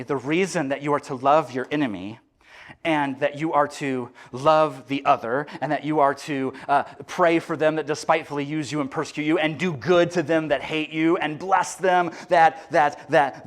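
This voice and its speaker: High-voiced pastor preaching casually. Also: male voice. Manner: conversational, animated, many restarts and fillers. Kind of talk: sermon.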